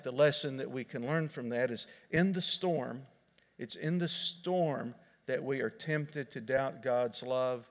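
A man's voice: mid-range voice, gravelly. A male pastor preaching a sermon in an earnest, explaining way, often restarting and repeating words. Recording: long hall reverb.

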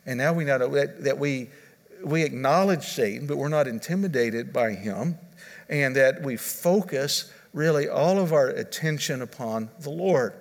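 A man's voice: medium pitch, unhurried, vocal fry, big-room sound. A man preaching a sermon as pastor, earnest, repeating his key points and restarting phrases as he goes.

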